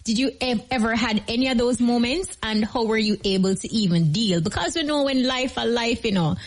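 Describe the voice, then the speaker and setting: A woman's voice: a little high, a little fast. A woman host, asking questions in an interview and repeating words as she works toward the point. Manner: rambling, repeats words while framing questions.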